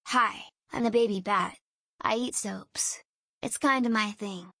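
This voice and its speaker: A man voicing a silly little baby bat mascot in a high, squeaky put-on voice on a livestream. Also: a little slow, creaky, pushed and bright, dry recording, clean studio sound, heavily acted.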